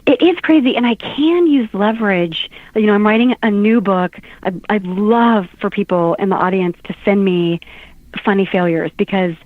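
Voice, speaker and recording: A woman's voice: mid-range voice, moderate pace, no room sound. A middle-aged woman, a guest author, telling funny stories in casual talk-show chat. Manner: animated storyteller, laughs often. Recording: tinny phone-like line.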